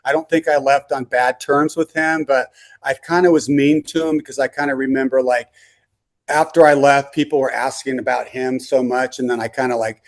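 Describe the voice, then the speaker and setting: An older rock singer, appearing as an interview guest on a video call, tells rambling, casual stories packed with "you know" and "like." His voice is medium-pitched and steady, at a moderate pace.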